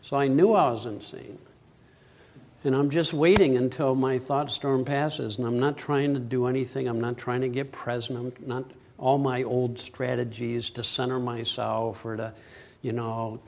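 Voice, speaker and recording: Gravelly older man telling a story. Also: medium pitch. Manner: animated storytelling that acts out its own panic. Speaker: speaker telling a personal story. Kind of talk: storytelling talk.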